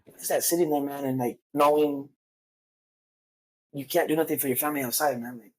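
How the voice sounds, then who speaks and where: A man's voice: mid-range voice, steady tone, a little fast, darkish tone, poor audio. A man telling his life story candidly, with heavy profanity, street slang and frequent fillers like "man" and "you know". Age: adult father. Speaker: podcast guest.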